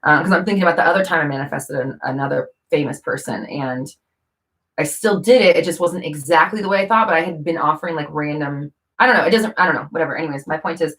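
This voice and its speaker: A woman's voice: low-pitched, quick pace, fairly bright tone. A woman vlogger talking casually to camera, rambling with fillers and self-corrections.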